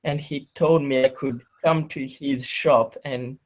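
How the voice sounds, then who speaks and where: A polite, hesitant young vampire initiate, voiced by a man in his everyday voice. She speaks at a middle pitch and stumbles over her words. She sounds earnest. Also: fairly even intonation, slow pace, close to an everyday voice.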